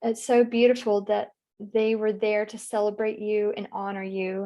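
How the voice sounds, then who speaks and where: A woman practitioner guiding a trance session, asking gentle questions. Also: mid-range voice, flat delivery, normal speed.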